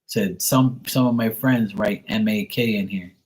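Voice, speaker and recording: Husky man chatting on stream. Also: fairly low pitch, measured pace. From Bermuda. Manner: storytelling, profane, mimics friends' slang. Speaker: live tarot reader and streamer. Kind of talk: casual livestream chat.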